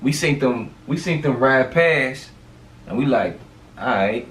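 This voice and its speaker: A man telling a street story in a casual, animated storytime monologue, full of slang and fillers. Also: mid-range voice, measured pace, far from the mic.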